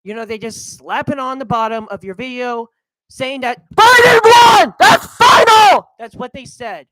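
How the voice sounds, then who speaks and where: A young adult woman vlogging in a heated, animated rant. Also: on the high side, normal speed, heavy background noise. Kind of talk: ranting monologue.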